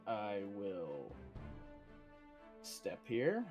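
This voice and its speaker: A man playing a tabletop game over an online call, unhurried and matter-of-fact. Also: lowish voice, wildly swooping pitch, over music. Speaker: player. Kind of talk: casual tabletop game chat.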